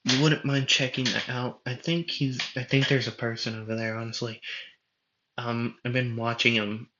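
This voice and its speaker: A man doing a shy winged girl, soft and hesitant. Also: mid-range voice, flat delivery, normal speed, a little hiss or hum, natural voice. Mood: timid. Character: shy winged young female healer. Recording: echoey room, dull lo-fi sound.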